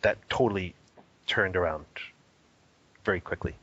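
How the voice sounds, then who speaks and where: Bright, animated man on lo-fi audio. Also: low-pitched, moderate pace, slightly rough. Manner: animated, laughs often, acts out a toddler's cries. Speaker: interview guest, spiritual teacher. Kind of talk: casual interview. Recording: dull lo-fi audio.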